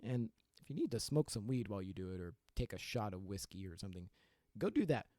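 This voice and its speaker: A young adult man rants on his own podcast, frank and self-deprecating, laughing at himself between points. His voice sits on the low side yet leaps up and down expressively. The sound is dry and close, with no room around it. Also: expressive, fast talker, mellow, no echo. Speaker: podcast host. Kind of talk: solo podcast rant.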